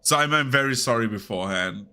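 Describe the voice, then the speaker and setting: A man streaming a game in casual, rambling chat, his voice nasal and rough from a cold. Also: mid-range voice, lively intonation, fast talker, bright, forceful tone. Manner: rambling and chatty, talking over gameplay. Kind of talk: casual live-stream chat while gaming.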